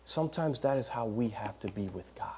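A man preaching a sermon, building to loud emphatic peaks and dropping to near whispers, repeating phrases as he goes. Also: animated, brisk, slight background noise. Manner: swells loud and high for emphasis, then drops to near whispers; repeats phrases, occasional stumbles.

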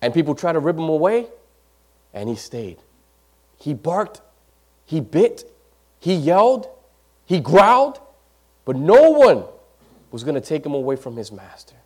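High-voiced man preaching with rising intensity. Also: sing-song, measured pace, long pauses. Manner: swells loud and high for emphasis, then drops to near whispers; repeats phrases, occasional stumbles. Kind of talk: sermon.

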